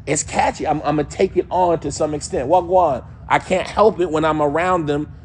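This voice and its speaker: Male religious teacher, conversational and animated, playful mimicry, light ambient noise. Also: fairly high pitch, a little fast. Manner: casual, animated, mimics accents and voices. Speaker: Islamic teacher. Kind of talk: religious lesson.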